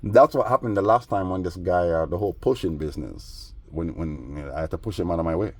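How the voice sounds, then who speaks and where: Brief: lower-voiced man, loose slangy storyteller, keeps checking in with the listener. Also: quick pace, a little mellow, breathy edge, no echo. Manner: rambling, slangy, with frequent "you know what I mean". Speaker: vlogger. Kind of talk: casual storytelling vlog.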